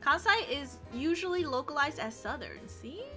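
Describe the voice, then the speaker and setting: A woman's voice: sits high, animated, moderate pace, fairly bright tone, faint music behind. A woman streaming a game, chatting casually, giggling and reading chat messages aloud.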